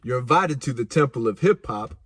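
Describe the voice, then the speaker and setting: A man imitating a rap teacher who leaves a measured, formal answering-machine message. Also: mid-range voice, lively intonation, fairly bright tone, breathy edge, dry recording, studio quality. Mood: calm.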